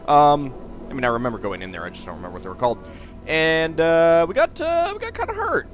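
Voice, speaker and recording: A man giving casual, rambling let's play commentary, full of halting restarts. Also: fairly high pitch, big pitch swings, soft background music. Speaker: game streamer.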